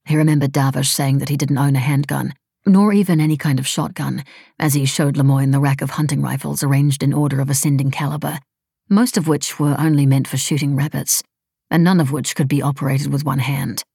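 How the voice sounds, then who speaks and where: Low, husky woman narrating. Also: steady tone, fairly quick, mellow, no echo, studio quality. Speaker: audiobook narrator. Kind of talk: scripted narration.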